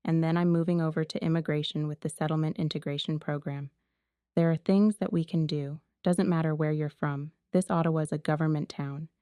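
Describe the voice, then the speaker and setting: Audience member, woman from Montreal: low, mellow, smooth voice, earnest and emphatic. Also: dry recording, studio quality. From Montreal, Canada. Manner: heartfelt, emphatic. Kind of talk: public comment from the floor. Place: museum auditorium.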